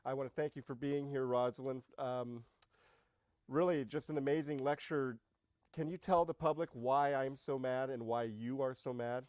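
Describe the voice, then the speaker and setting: A man guest-hosting a talk show, interviewing a guest in an excitable, halting way with frequent laughs. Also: mid-range voice, clear, resonant tone, dry recording. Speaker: guest host. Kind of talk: casual interview.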